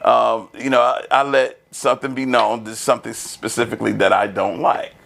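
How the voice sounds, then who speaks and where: A man hosting a casual panel discussion, animated and laughing often as he talks. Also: mid-range voice, normal speed, gravelly. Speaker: podcast host.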